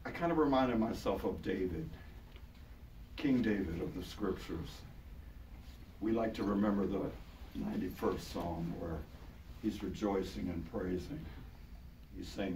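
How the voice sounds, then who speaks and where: An older man with a low, hoarse voice preaches in a relaxed, conversational way, leaning on repeated words for emphasis. He is heard from some distance in a roomy, echoing church hall. The recording carries a clear layer of background noise. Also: unhurried, long pauses. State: hoarse, voice partly gone. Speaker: pastor. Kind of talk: sermon. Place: large church hall with congregation. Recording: echoey hall, taken from far off, noisy.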